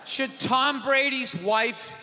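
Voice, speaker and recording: A man's voice: extremely high pitch, takes it slowly, bright, forceful tone. A man doing stand-up comedy on a theater stage, ranting in a profane, incredulous way. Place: large theater stage with live audience. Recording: theater reverb, crowd noise.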